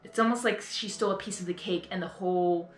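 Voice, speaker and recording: A woman's voice: on the low side, fairly even intonation, quick pace. A woman reacting live to an audio drama, ranting earnestly and rambling, and often apologizing for going on. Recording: echoey room, faint music behind.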